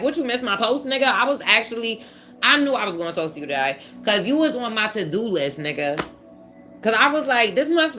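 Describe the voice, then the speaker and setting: A woman tarot reader hosting a casual live stream, loud, profane and teasing, laughing as she talks to viewers. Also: medium pitch.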